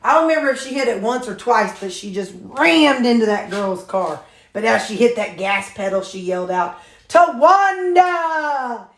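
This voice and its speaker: A rambling, talkative woman, chatting at a middle pitch while she fixes her supper. The sound is roomy, with her voice bouncing around a home kitchen. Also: normal speed. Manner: rambling, chatty storytelling with many fillers. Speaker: vlogger showing her meals. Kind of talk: casual chat while preparing supper.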